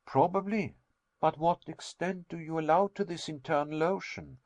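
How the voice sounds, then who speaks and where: An anxious young nephew questions everything in a storybook reading, as a man puts him on. The voice sits higher than the reader's own and stays close and dry. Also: steady tone, normal speed, vocal fry, dry recording.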